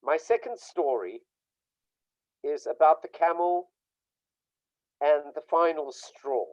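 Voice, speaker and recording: Guy with a kinda high voice doing a chatty online talk, emphatic storyteller, dry muffled call audio. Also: takes it slowly, a little mellow, no echo. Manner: emphatic storytelling, acts out quoted dialogue. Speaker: workshop speaker on burnout.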